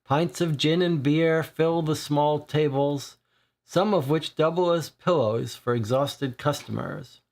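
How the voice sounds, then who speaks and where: A board game player reading a detective case aloud, thinking aloud slowly and deliberately. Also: medium pitch, a little mellow.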